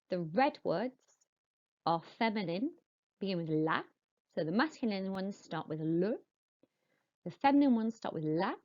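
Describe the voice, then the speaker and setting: A woman teaching French to young pupils, modelling each word slowly and clearly and explaining in patient, encouraging teacher talk. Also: mid-range voice, darkish tone, muffled recording. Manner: slow, clear modelling of words for pupils to repeat. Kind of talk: recorded classroom lesson.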